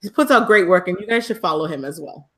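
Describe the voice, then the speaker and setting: A woman co-hosting a podcast live, chatting in an upbeat, excitable way and laughing easily. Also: on the low side, fast. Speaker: podcast co-host. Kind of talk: casual live-stream chat.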